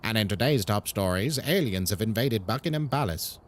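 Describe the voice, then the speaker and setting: A man's voice: on the low side, lively intonation, a little fast, pitched below the performer's own voice. A man doing a posh, stiff newsreader. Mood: mock-formal. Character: stiff formal male newsreader.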